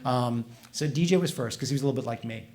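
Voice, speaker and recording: A man, a comics author, chatting with an audience at a library event and answering their questions, animated and quick to act out voices in his stories. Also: mid-range voice. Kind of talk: casual public talk.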